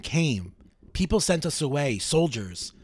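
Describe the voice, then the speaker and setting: A man's voice: fairly high pitch, big pitch swings, unhurried, a little mellow, slightly rough, heavily acted. A man voicing a desperate, starving young woman ghost in short, clipped answers. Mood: flat.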